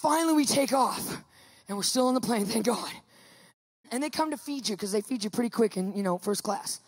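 A woman tells her personal testimony in an animated way. She laughs often and acts out other people's voices as she goes. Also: a little high, brisk, slightly rough, no echo. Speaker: guest giving a testimony.

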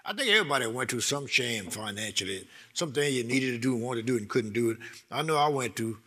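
A middle-aged man preaching a sermon, excitable, repeating words and building to loud bursts with laughter. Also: mid-range voice, fast talker.

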